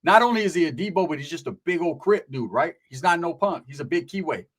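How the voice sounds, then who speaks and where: A man casually telling a profane, streetwise prison story, slipping into quick impressions of the people in it. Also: fairly high pitch, animated, a bit bright.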